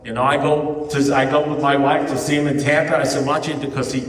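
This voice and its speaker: At a recovery meeting in a large hall, a man tells his story to the audience conversationally, often asking "you know what I mean?" He talks fast with a medium, level voice, and the mic sits far from him, so the hall sounds echoey.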